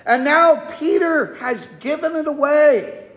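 A man's voice: very high-pitched, slow pace, fairly bright tone. A man preaching an expository sermon as a pastor, folksy and conversational with humorous asides. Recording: echoey hall with long reverb.

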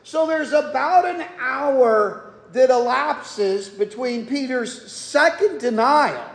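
A man preaches at an unhurried, slow pace, folksy and conversational with humorous asides. His voice rings through a large church sanctuary with a long, echoing reverb. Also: very high voice, lively intonation, vocal fry. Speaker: pastor. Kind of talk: expository sermon. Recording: echoey hall with long reverb.

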